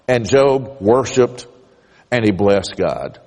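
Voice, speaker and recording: Pastor preaching in an echoey church. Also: male voice, mid-range voice, animated, a little mellow. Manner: measured storytelling, rising emphatically on key points. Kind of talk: sermon. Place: church sanctuary. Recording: church hall reverb.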